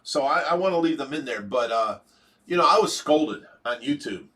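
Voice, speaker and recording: A man's voice: medium pitch, expressive, normal speed, bright, forceful tone. A middle-aged man with an Ohio accent hosting a casual livestream, rambling and chuckling, with many fillers. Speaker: livestream host.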